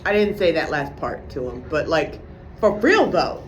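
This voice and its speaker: A woman's voice: deep voice, big pitch swings, moderate pace, slight background noise. A woman vlogger ranting in a casual monologue, profane and sarcastic as she vents about a friend.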